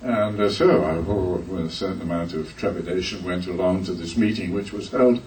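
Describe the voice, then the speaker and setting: Older guy with a really low voice, telling a story slow with lots of uhs, far off mic in a boomy hall. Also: a little mellow. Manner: halting, many uhs, measured storytelling. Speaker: panel guest actor. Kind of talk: anecdotal storytelling at a convention panel. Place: convention hall. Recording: echoey hall, distant mic, faint noise.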